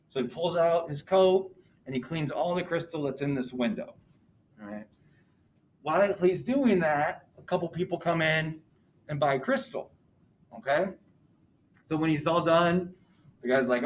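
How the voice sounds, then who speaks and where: A man teaching in a classroom, retelling a story in a relaxed, conversational way and stopping to quiz his students. His voice sits a little high for a man. A faint background hum runs under his talk. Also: normal speed, long pauses, poor audio. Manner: casual storytelling, asking the class questions. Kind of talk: classroom lesson retelling a novel.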